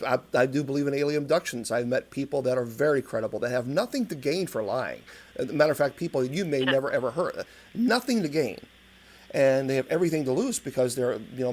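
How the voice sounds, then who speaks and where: A man of ordinary pitch hosts the interview. He talks in a halting way, restarting often, and gives his views before asking questions. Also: a little mellow. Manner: hesitant, many restarts and fillers. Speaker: interview host.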